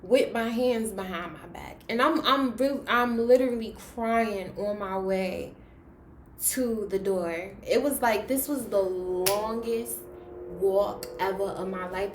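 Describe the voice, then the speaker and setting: A young woman vlogger telling a story in a casual, animated way, her voice jumping from soft to loud as she relives it. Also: mid-range voice, measured pace, slight background noise. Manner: animated, dramatic retelling with big swings in loudness. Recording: roomy echo.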